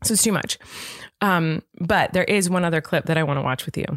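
A woman's voice: on the low side, a little fast, dry recording. Woman co-host, chatty and giggly, talks in loops with restarts; dry, close sound with no room. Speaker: podcast co-host. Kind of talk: casual chat.

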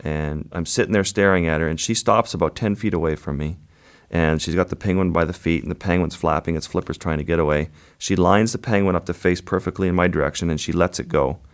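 A man, a wildlife photographer, telling a vivid story at an unhurried pace in an interview. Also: sits low, steady tone.

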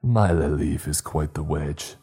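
A man voicing a hulking, rabid male beast-man villain who taunts and threatens in a deep voice. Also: measured pace, dark tone, slightly rough, faint music behind, full character voice. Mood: menacing taunts.

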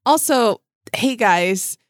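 A woman's voice: a little high, expressive, slow, no room sound, clean studio sound. A woman co-hosting a podcast, chatting animatedly and swearing, often trailing off mid-thought. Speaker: podcast co-host. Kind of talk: casual chat recapping a reality show.

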